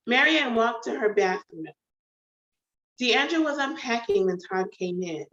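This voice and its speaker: A woman author reading her own novel aloud in an unhurried, deliberate way. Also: medium pitch, animated, a bit bright. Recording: echoey, dull home recording.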